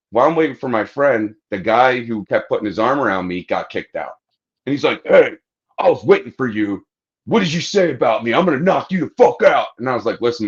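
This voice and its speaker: A man with a deep, low voice tells a rowdy anecdote in easygoing podcast chat. He swears a lot and acts out the other people's lines. The recording is a bit muffled and lo-fi. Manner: profane, animated anecdote-telling, acting out quotes. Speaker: podcast host. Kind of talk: casual storytelling chat.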